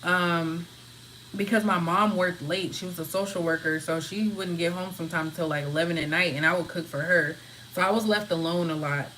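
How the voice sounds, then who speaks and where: A woman casually rambling from home to her live viewers, answering their comments in a relaxed, open way. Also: fairly low pitch, moderate pace, a little hiss or hum, poor audio. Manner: relaxed, talks freely, answers chat comments. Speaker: livestream host.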